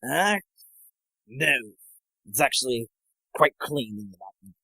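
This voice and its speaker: A man's voice: mid-range voice, very animated, unhurried, gravelly, bright, forceful tone, dry recording, heavily acted, low-quality recording. A man voicing a boastful male dwarf mining merchant who plugs his company in a hearty salesman's manner.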